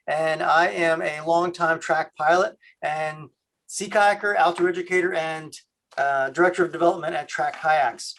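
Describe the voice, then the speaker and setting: High-voiced man hosting a video call. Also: fairly even intonation, gravelly, fairly bright tone. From Canada. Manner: halting, many fillers. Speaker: host.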